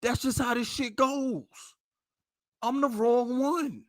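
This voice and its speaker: A man's voice: very high voice, steady tone, slow, no room sound, clean studio sound. A man with a New York accent, hosting a casual sports podcast and venting in a heated, profane, emphatic way. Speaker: podcast host.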